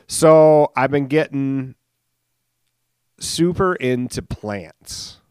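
A man's voice: mid-range voice, lively intonation, moderate pace, no room sound, clean studio sound. A man in his late thirties hosting a solo podcast, rambling casually with lots of fillers, self-mocking jokes and swearing. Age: late 30s. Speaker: podcast host. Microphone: studio microphone.

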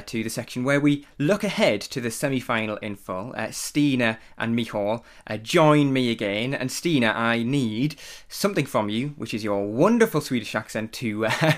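A man hosting a podcast, prompting his guests in an upbeat, animated way. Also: medium pitch. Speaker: podcast host.

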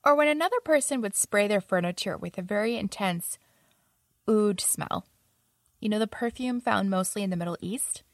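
A woman's voice: mid-range voice, animated, normal speed, no room sound, studio quality. A young adult woman casually telling stories about her roommates, often laughing as she talks. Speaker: storyteller.

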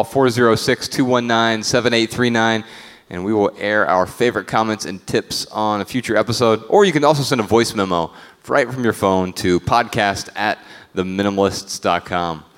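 A man's voice: on the low side, normal speed, a bit bright, smooth. A man hosting a live podcast taping, introducing segments and reading out a call-in line in an upbeat, announcer-like way. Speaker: podcast co-host.

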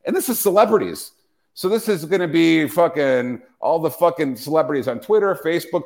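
A man on a podcast who rants in an animated, swearing way. His pitch swings widely as he jumps between points. He keeps restarting his sentences as he goes. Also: a little fast, vocal fry. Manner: ranting, profane, animated, with frequent restarts. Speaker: podcast host. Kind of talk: casual podcast chat.

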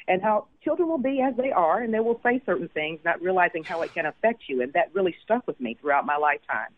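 A woman from Mississippi with a Southern accent, an author and former news anchor, talking brightly and telling stories as a guest in an interview by phone. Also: fairly low pitch, fast talker, dry recording. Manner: bubbly, upbeat, animated storyteller. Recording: tinny phone line.

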